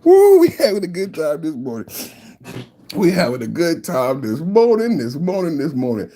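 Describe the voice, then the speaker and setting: Casting: high-pitched man, loud and rambling, live-stream podcast host who repeats himself and laughs often. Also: wildly swooping pitch, moderate pace. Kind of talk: live-stream reaction commentary.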